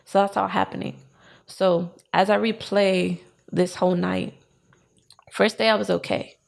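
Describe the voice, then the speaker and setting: A woman's voice: medium pitch, measured pace, creaky. A young adult woman on a podcast, telling a personal story in casual chat and acting out what people said. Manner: animated, acts out what she and others said. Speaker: podcast co-host.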